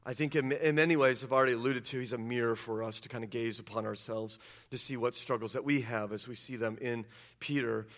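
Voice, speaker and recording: A man's voice: mid-range voice, steady tone, fairly quick. A male pastor preaching a sermon, retelling scripture scenes emphatically and acting out the quotes.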